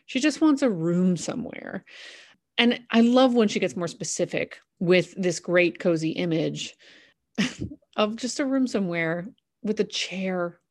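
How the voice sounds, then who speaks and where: A woman's voice: fairly low pitch, lively intonation, measured pace, a little mellow. A woman host talking through a musical's songs in a casual, enthusiastic and chatty way, with fillers. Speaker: podcast host analysing a musical. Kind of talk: casual analytical commentary.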